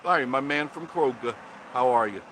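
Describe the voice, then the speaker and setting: A man's voice: medium pitch, lively intonation, moderate pace, a bit bright, a little hiss or hum, low-quality recording. An older man hosting a casual live stream outdoors on his phone, greeting viewers by name as he chats. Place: outdoors by a roadside attraction. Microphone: phone held for a live stream.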